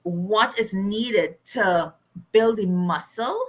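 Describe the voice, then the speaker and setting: Speaking at an unhurried pace in a fairly low pitch, this middle-aged woman recounts something from her own life as an interview guest. Her telling is lively, full of laughter, with impressions of whoever she's quoting.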